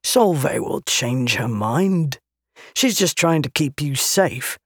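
A storyteller voicing a young male king, speaking lower and slower than the narration, steady and reassuring. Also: breathy edge, no echo, studio quality, full character voice.

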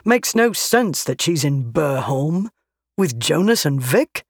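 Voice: medium pitch, very animated, slow pace, husky, dry recording, studio quality, exaggerated voice. A narrator doing a brash young warrior. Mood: agitated. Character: brash young male warrior, eager and restless.

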